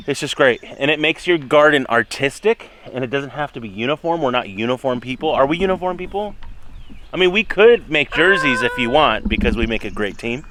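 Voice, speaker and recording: A man's voice: medium pitch, lively intonation, fairly quick, fairly bright tone. A man vlogging about his homestead garden, chatty and playful, talking outdoors. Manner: chatty and playful, coos at animals. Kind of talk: casual family vlog.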